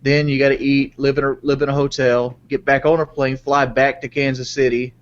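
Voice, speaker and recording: A man's voice: mid-range voice, little pitch movement, a little fast. A man hosting a casual talk show, blunt and profane, pressing callers with questions. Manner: blunt, swears, probing questions. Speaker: show host. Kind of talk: casual chat. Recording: muffled lo-fi audio.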